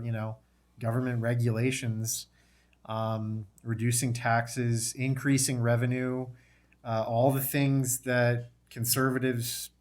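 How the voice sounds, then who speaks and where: A man talks on a casual panel and thinks aloud in an easy, relaxed way. His voice is mid-pitched and plain.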